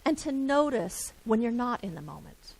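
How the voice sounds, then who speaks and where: A woman minister giving a reflective sermon with gentle, repetitive phrasing. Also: fairly high pitch, very animated, moderate pace, gravelly, slightly rough, rough recording.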